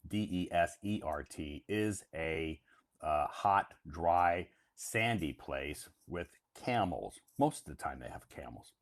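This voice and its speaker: A man hosting a live stream, explaining English words in a casual, repetitive, emphatic teacher's way. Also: low-pitched.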